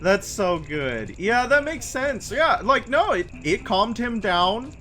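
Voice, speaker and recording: A man's voice: high-pitched, sing-song, slow, sharp tone, slight background noise. A man streaming a game and chatting casually, telling stories and drifting between topics. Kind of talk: casual chat while gaming on stream. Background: faint game music.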